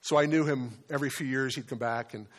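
A middle-pitched man in his fifties delivers a sermon as a pastor. He talks in an earnest, conversational way, telling personal stories with restarts. He slows down and drops his voice to a near hush on the words he wants to stress. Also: fairly even intonation.

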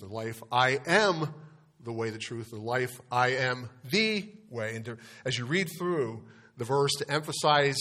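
Earnest male pastor preaching, mid-range voice, soft in prayer, louder on key words. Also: mid-range voice. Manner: earnest, with frequent restarts and fillers. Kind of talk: sermon with opening prayer. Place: church sanctuary.

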